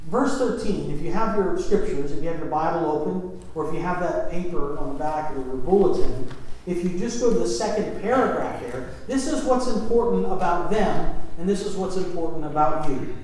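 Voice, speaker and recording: Man preaching, fifties, high voice, conversational asides, very echoey church room, faint room hiss. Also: lively intonation, moderate pace, a little mellow. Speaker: pastor. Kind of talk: sermon. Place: church sanctuary.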